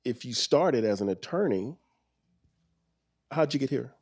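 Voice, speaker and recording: A man's voice: mid-range voice, lively intonation, a little slow, a little mellow, breathy edge. A man interviewing an author onstage at a bookstore, asking rambling, searching questions. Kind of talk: onstage book conversation. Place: bookstore event.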